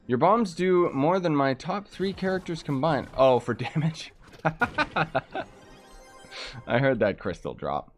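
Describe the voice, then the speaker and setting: A man chatting casually during a live game stream, ranting in frustration and breaking into quick exclamations. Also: a little high, expressive, soft background music. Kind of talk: casual live-stream chat while gaming.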